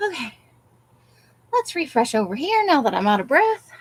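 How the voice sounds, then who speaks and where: A woman's voice: high voice, big pitch swings, a little slow, long pauses, slight background noise, poor audio. A woman hosting a casual crafting livestream from her craft space at home, rambling and talking to herself as she digs through her supplies. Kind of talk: casual live-stream chat.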